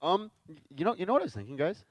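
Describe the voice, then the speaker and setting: A man hosting a casual chat, lively and quick to laugh, often stammering as he starts his questions. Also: sits high, no room sound. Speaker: interviewer.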